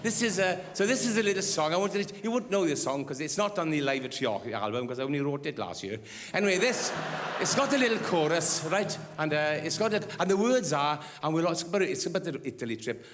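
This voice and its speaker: A man's voice: fairly high pitch, lively intonation, a little fast, few pauses. A Welsh man telling rambling anecdotes between songs on a concert stage, with frequent restarts. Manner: chatty, rambling, restarts often. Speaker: singer and storyteller on stage. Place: concert stage before an audience. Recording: live hall reverb with music.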